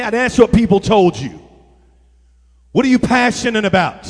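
High-voiced preacher in an echoey hall. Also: male voice, normal speed, vocal fry. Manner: energetic storytelling with call-and-response to the crowd. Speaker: pastor. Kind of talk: sermon. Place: church sanctuary.

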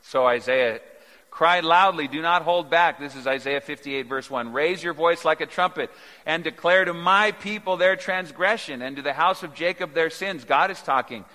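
A man preaching a sermon, swinging from quiet, low asides to loud, emphatic peaks. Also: normal speed. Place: church sanctuary. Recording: long reverb of a large hall.

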